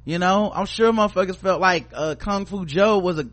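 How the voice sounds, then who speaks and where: A man co-hosting a podcast, his voice sitting a little high for a man. He talks in loose, casual chat and gives blunt, profane, strongly opinionated commentary. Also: normal speed, fairly bright tone. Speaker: podcast co-host.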